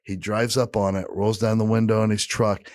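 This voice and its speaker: A man's voice: lowish voice, a little fast, dry recording, clean studio sound. A man hosting a podcast, telling a family story casually, swearing freely and acting out the people in it. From Eastern Kentucky family roots. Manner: profane, animated, acts out quoted voices. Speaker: podcast host.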